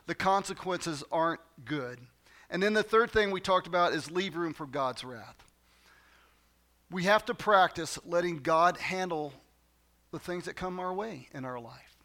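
A man's voice: high voice, animated, normal speed, fairly bright tone. A man preaching a sermon as pastor in a church, talking conversationally to the congregation and repeating phrases for emphasis.

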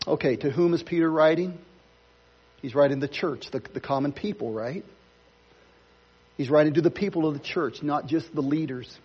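High-voiced husky pastor guy preaching to his church, chatty and joking, kinda muffled recording. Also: moderate pace. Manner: conversational preaching with playful asides. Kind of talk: sermon. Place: church sanctuary.

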